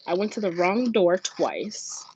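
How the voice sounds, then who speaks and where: A woman telling a long story about her morning in an animated, chatty way, swearing freely and acting out what others said in a raised voice. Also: a little slow. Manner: acts out quoted voices in raised pitch. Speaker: budgeting vlogger, mother. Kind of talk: casual storytelling to camera. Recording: dull lo-fi sound with faint noise.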